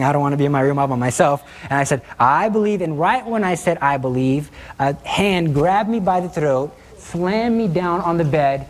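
A young man giving a spoken faith talk, telling a personal story and acting out quoted voices with animation. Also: fairly high pitch. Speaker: Catholic speaker.

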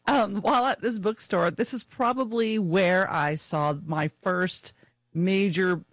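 A woman's voice: mid-range voice, a little slow, dry recording. A woman co-hosting a podcast in casual chat, chatty with fillers and frequent laughs. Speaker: podcast co-host.

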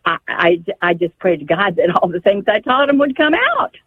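Speaking by phone to a radio show, an older woman with a lowish, husky voice tells a painful family story at a normal speed, her intonation lively but her delivery pleading and stumbling. The telephone line is tinny, with no room sound.

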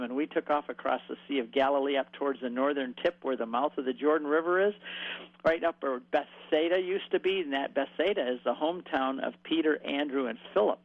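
A man's voice: fairly high pitch, no room sound. A man telling a vivid story as a radio guest, acting out voices in quoted speech. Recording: dry, phone-like radio line.

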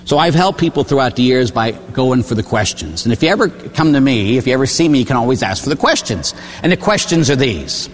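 Folksy older priest preaching in reverb. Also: male voice, medium pitch, expressive, a little fast, few pauses. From Pittsburgh, USA. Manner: folksy storytelling, tag questions, acts out voices. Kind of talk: sermon.

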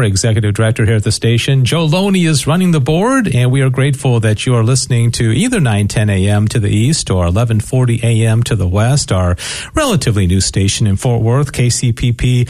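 Enthusiastic radio interview host. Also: male voice, medium pitch, darkish tone. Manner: friendly, enthusiastic, with fillers and repeats. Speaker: radio host and station director.

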